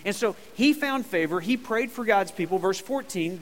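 With a high, animated voice at normal speed, this pastor delivers an emphatic, conversational sermon in a church sanctuary and gets the congregation calling back to him. The sound carries a large hall's long reverb.

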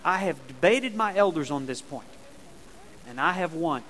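Here a man preaches as pastor in a church sanctuary, speaking emphatically and conversationally while leading call-and-response. His pitch is a little high and his tone fairly bright and animated, at normal speed. There's slight background noise, and the large hall gives a long reverb.

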